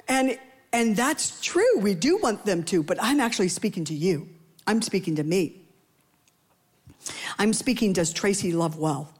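Delivering a sermon with a slightly rough voice, this woman speaks a little slowly yet animatedly. She keeps things conversational and playful with asides to the congregation, frequently acting out quoted voices by raising her pitch.

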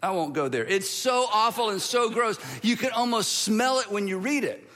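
Man, pastor, lively storytelling sermon, swooping high voice. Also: moderate pace, long reverb tail. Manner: animated, playful dramatic storytelling. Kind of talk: humorous sermon.

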